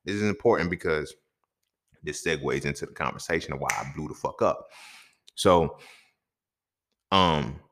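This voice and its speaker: A young adult man hosting a podcast, telling a story from his own life in a casual, profane, animated way with lots of slang. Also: extremely low pitch, moderate pace, pauses often, a little hiss or hum. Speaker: podcast host.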